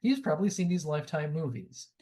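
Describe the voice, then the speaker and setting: A man's voice: on the high side, sing-song, quick pace, warm tone. A man in his forties co-hosting a podcast in casual chat, tossing in trivia asides with a chuckle. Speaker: podcast co-host.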